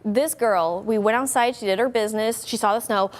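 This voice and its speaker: A woman's voice: on the high side, a little fast. Chatty woman meteorologist. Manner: chatty, animated storytelling. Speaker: TV meteorologist co-host. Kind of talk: casual studio chat.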